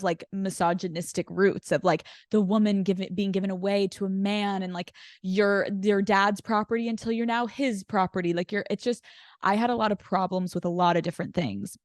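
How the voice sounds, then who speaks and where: A woman's voice: mid-range voice, darkish tone, dry recording, studio quality. A woman guesting on a podcast, telling a personal story in casual chat, filling her talk with "like". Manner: chatty storyteller with frequent "like" fillers.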